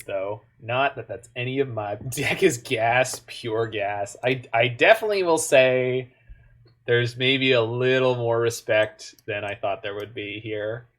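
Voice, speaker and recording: A man's voice: medium pitch, measured pace, fairly bright tone. A man from Canada, giving casual, joking commentary while he plays an online card game, with muttered asides in between.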